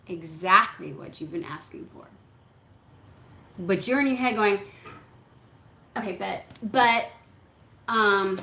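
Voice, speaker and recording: Woman tarot reader, blunt and chatty, curses often, mid-pitched, roomy recording. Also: fairly bright tone. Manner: blunt, chatty, swears freely, acts out listeners' thoughts. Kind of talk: casual tarot reading to camera. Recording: echoey room with faint background hum.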